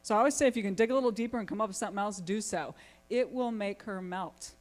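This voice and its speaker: A woman family therapist, giving a lively conference talk and asking her audience many questions. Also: medium pitch, fast talker. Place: conference hall.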